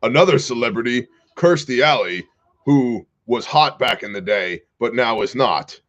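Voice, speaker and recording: Casual male livestream host from Kansas, middle-pitched, sarcastic asides, slightly muffled audio. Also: expressive, moderate pace, fairly bright tone. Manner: wry, sarcastic asides, reads chat comments aloud. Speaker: commentary show host.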